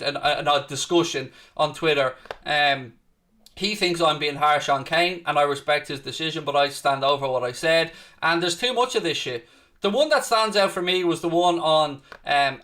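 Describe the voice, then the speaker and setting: Man, high voice, bright and sharp, passionate rant, live watchalong host. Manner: passionate, ranting, talks back to chat. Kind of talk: heated live football rant.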